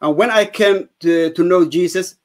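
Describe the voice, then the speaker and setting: A man's voice: high-pitched, moderate pace, a little mellow. A man, giving an earnest, emphatic personal testimony as an interview guest. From Somalia.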